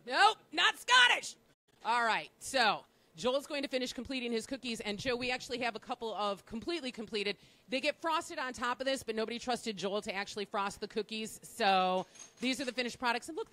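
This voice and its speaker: A woman's voice: a little high, brisk, fairly bright tone. A woman radio host presenting a live on-location segment from a bakery, upbeat and teasing her co-host.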